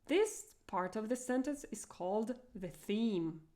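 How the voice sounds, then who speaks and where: A young Russian woman with a Russian accent, teaching a language lesson with slow, clear explanations and stressed example phrases. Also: on the high side, expressive, dark tone.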